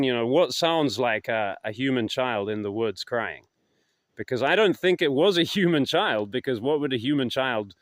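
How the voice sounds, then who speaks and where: A vlogger tells casual anecdotes while recorded outdoors in the woods, rambling and hesitant, his medium-pitched voice trailing off softly at the ends of thoughts. The sound is clean and studio-like, with no echo.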